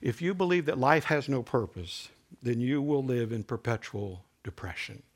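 A man preaching a sermon in a conversational, animated way, building to emphatic peaks. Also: mid-range voice, moderate pace.

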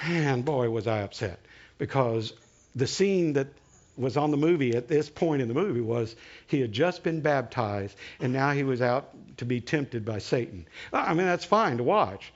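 Animated male preacher telling a story. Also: medium pitch. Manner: animated, slows down for dramatic retelling. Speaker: pastor. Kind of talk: storytelling sermon. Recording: dull lo-fi recording.

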